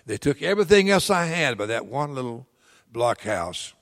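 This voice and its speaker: Older preacher in a reverberant hall. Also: male voice, medium pitch, sing-song, moderate pace. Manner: folksy storytelling, swelling to loud emphatic pleas. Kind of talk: sermon with personal story.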